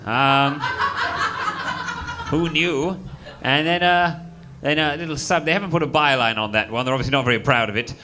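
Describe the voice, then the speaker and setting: A man's voice: fairly high pitch, big pitch swings, normal speed, bright, forceful tone, a little hiss or hum. A man playing a dim-witted, bumbling newspaper man who hesitates and fumbles, in an improvised comedy.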